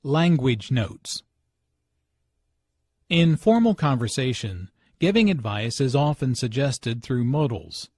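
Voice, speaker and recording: Male narrator, mid pitch, very slow explanatory lesson read, dry booth sound. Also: lively intonation, darkish tone, no echo.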